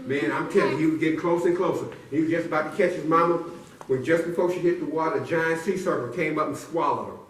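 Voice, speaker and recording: A man's voice: on the high side, quick pace, slight background noise. A man telling a silly story to a live audience with playful call-and-response build-ups. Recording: echoey room from far off.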